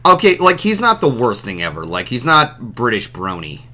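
Male streamer host, bright animated voice, casual call chat. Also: medium pitch. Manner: animated, quick to react. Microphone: desktop mic on a call.

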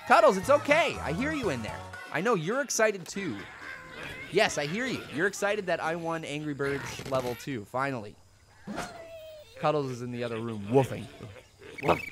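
A young man hosting a let's play video, rambling goofily and breaking into loud yells, recorded at home. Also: mid-range voice, background noise. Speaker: gaming channel host. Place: home room.

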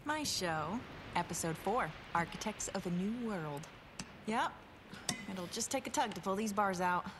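A woman's voice: medium pitch, animated, unhurried, noisy background, lightly acted. A woman voicing a teasing young reporter. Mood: upbeat. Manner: teasing, upbeat. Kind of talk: video game voice acting. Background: game music.

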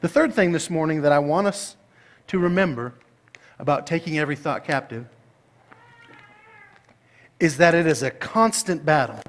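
A middle-aged man delivers a sermon as pastor, his voice sitting noticeably high. He tells stories playfully and climbs into excited outbursts. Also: normal speed, pauses often. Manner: animated, playful storytelling that rises to excited, high-pitched outbursts.

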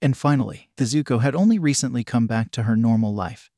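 A man narrating a fan fiction story in a steady, even reading. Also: mid-range voice, brisk, no echo, clean studio sound.

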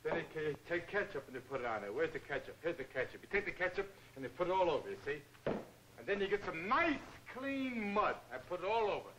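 An actor playing a cheerful, dim-witted boxer who rambles earnest slangy nonsense, in 1940s film comedy acting. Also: male voice, a little high, very animated, fast, a bit bright, a little hiss or hum, low-quality recording.

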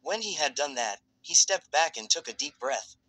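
A man reading fan fiction aloud as a narrator in a steady, even storytelling voice. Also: a little high, normal speed, no room sound, poor audio.

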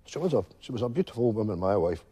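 An actor playing an older widowed Glasgow pensioner with a Glaswegian Scottish accent, telling a rambling stage monologue full of "you know" asides. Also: male voice, on the low side, big pitch swings, fast talker, dark tone, breathy edge. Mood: wistful storytelling. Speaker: stage character telling a story to friends.

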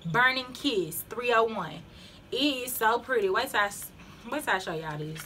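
A woman's voice: fairly high pitch, lively intonation, normal speed, sharp tone, a little hiss or hum. A young woman with a Southern US accent, chatting casually to viewers in a haul vlog, a little out of breath and laughing often. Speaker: beauty vlogger.

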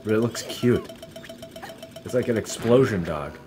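A man's voice: on the low side, animated, a little slow, music in the background. A young man giving casual, profane gameplay commentary, laughing often and musing aloud as he plays. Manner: swears freely, laughs often, muses aloud. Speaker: let's play streamer.

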